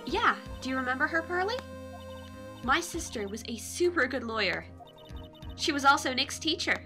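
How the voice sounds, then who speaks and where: A woman's voice: high-pitched, very animated, normal speed, pushed and bright, faint music behind, heavily acted. A woman voicing a cheerful, chatty young woman medium in a video game read-along.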